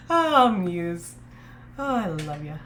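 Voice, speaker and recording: A woman's voice: fairly low pitch, fairly bright tone, a little hiss or hum. A woman streamer chatting casually on a live stream, rambling with lots of fillers and self-corrections, reading her chat aloud. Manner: reads chat aloud and reacts.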